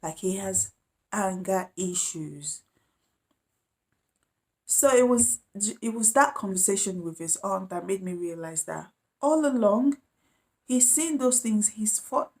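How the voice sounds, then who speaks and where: Woman, casual storytime vlogger, animated, slips into other people's voices. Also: mid-range voice, takes it slowly. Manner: animated, acts out quoted voices.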